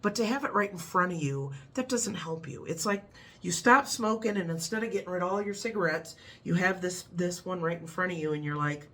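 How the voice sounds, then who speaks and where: A woman's voice: lowish voice, expressive, fairly quick, a bit bright, husky. A middle-aged woman with a Midwestern American accent, chatting casually to camera in a rambling way and laughing at her own stories. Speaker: vlogger.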